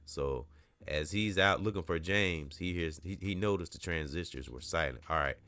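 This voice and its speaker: A man's voice: low voice, moderate pace, pushed and bright, no room sound. A man reading a novel aloud, stopping often to explain the story in a casual way and repeating himself as he corrects his reading. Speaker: book reader.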